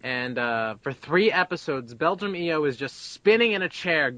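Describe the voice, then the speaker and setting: A man's voice: on the high side, lively intonation, moderate pace, pushed and bright, a little hiss or hum. A young man being interviewed about his voice acting, chatty and brash, laughing and swearing freely. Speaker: abridged-series voice actor, interview guest. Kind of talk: casual interview.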